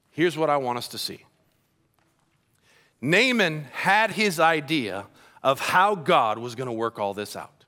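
A man's voice: high-pitched, sharp tone. A man preaching a sermon, retelling a story with dramatic swings in volume. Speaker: pastor.

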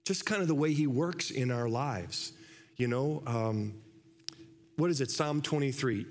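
A man's voice: mid-range voice, a little slow, darkish tone. A man preaching a sermon in a church, conversational and full of rhetorical questions. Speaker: pastor.

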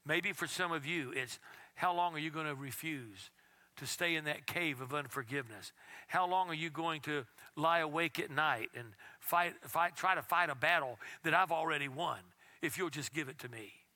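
A man preaching a sermon as pastor, reading scripture aloud and at times dropping his voice to a hush. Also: on the high side, normal speed. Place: church.

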